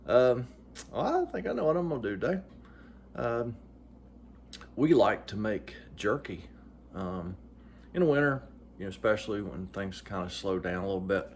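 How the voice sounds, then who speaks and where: A middle-aged man with a drawl chats casually to his channel, folksy and joking, full of "uh"s. His voice sits low, with a faint hum in the background. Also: animated, normal speed, pauses often. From West Virginia. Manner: folksy, joking, many fillers. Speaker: vlogger. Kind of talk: casual vlog talk.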